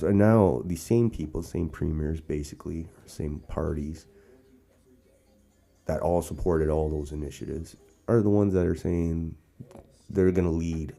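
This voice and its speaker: Gravelly and dark, this man's bass voice carries casual political commentary that he hosts in Sarnia, Canada, outdoors or in an informal setting. He rambles along with lots of restarts and side remarks.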